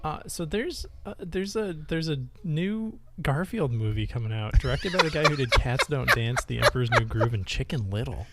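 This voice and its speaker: A man's voice: mid-range voice, expressive, moderate pace, hardly any pauses, noisy background. A young man co-hosting a casual podcast in a laid-back, dry-joking manner. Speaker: podcast co-host. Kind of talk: casual chat.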